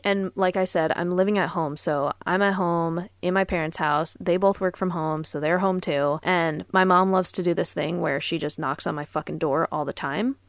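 Blunt, gravelly young woman podcaster. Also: lowish voice, no room sound, clean studio sound. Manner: blunt, profane, laughing. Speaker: podcast host. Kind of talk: casual storytelling podcast.

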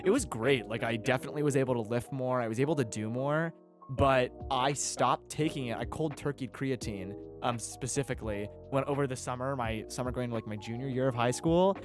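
A young man co-hosting a casual podcast, animated and joking, quick to laugh and swear. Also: mid-range voice, music in the background. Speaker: podcast co-host.

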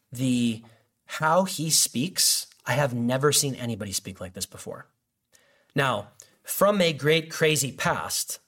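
A man's voice: medium pitch, a bit bright. Casual rambling male preacher. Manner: conversational, rambling with restarts and fillers. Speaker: pastor. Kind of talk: sermon.

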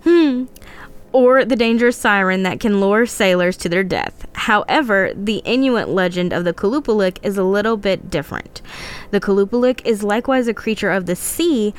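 Smooth and a little fast, a medium-pitched woman co-hosts a casual podcast. She reads a legend from her notes, often laughing and stumbling over words.

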